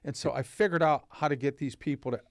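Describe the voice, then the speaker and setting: A man's voice: a little high, fast talker, dry recording, studio quality. An older man, a company founder, telling stories in a casual podcast interview and acting out the dialogue. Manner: anecdotal, acts out dialogue in stories. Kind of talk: casual storytelling. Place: podcast studio.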